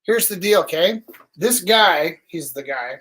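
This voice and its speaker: A woman's voice: on the low side, animated, a bit bright, poor audio. Chatty woman hosting a live art auction. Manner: chatty, rambling, quick asides. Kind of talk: casual live-stream chat. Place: art venue indoors.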